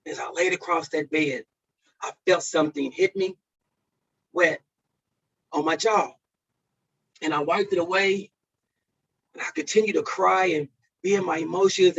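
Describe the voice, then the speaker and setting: A man sharing a personal testimony as a speaker at a men's conference, swinging from loud peaks to hushed lows. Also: unhurried, creaky, pauses often, a little hiss or hum. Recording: dull lo-fi recording.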